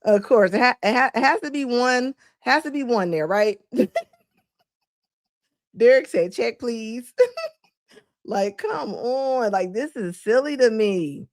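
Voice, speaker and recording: Woman live-streaming, high pitch, laughs a lot, mocking tone. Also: slow pace, long pauses, no room sound, studio quality. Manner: animated, laughing often, mocking quotes. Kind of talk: reaction stream talking to chat.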